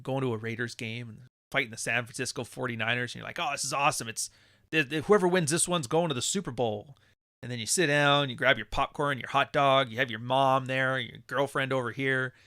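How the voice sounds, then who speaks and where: A man hosting a live podcast, ranting with profanity and mocking others in high put-on voices. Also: sharp tone, no room sound, clean studio sound. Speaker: podcast host. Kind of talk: livestream podcast rant.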